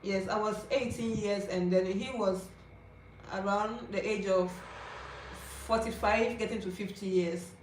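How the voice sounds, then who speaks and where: Speaking unhurriedly in a steady, mid-range voice, this twenties vlogger with a Ghanaian English accent confides her own story to camera and keeps checking on her audience. Slight background noise, roomy echo and faint ambience fill the recording.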